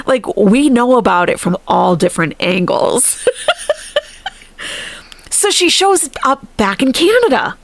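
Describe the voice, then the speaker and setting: A woman's voice: medium pitch, very animated, unhurried, creaky, long pauses, no echo. A woman hosting a live stream, chatting casually and animatedly, laughing often and thanking viewers.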